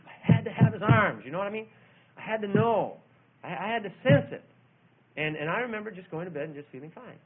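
A man preaching a sermon, telling a childhood story and then reading scripture with loud emphasis. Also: sits high, animated, fast, a little hiss or hum. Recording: tinny phone-like old recording.

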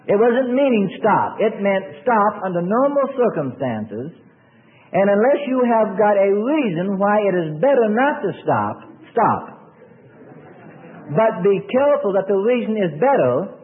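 A man preaching a sermon, emphatic and repetitive, drawing out key words and dropping his pitch low. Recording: tinny lo-fi sermon recording in a reverberant hall.

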